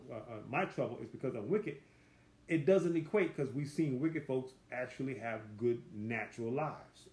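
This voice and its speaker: A man leading a Bible study, reading verses slowly and with emphasis, then explaining them in plain, folksy everyday talk. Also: mid-range voice, a little mellow, reverberant. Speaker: Bible teacher. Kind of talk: conversational Bible study teaching.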